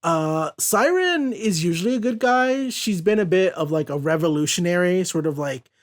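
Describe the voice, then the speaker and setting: A man whose voice sits high, with lively intonation, hosts a casual podcast reviewing a comic page by page. He reads the characters' lines in quick, loose paraphrase and laughs frequently.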